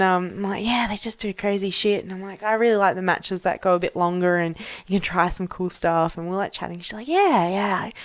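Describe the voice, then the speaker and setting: A woman's voice: mid-range voice, no room sound. A young Australian woman co-hosting a casual chat podcast, telling stories with frequent laughter and swearing. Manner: swears freely, laughs often, animated storytelling. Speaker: podcast co-host.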